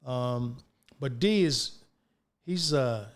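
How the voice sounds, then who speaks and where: This older man, a guest actor, draws out his words in a mid-range voice while recounting stories in an informal interview. Animated and full of slang, he voices the people he quotes.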